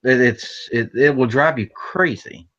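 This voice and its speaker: A man's voice: mid-range voice, measured pace, a bit bright. A man hosting a casual chat, blunt and opinionated with grouchy humor. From American South. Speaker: host. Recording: dull lo-fi audio.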